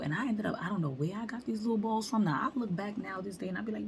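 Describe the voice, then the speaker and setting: A woman vlogger telling a storytime monologue in slangy, animated talk, acting out the quotes. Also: medium pitch, fast, slight background noise.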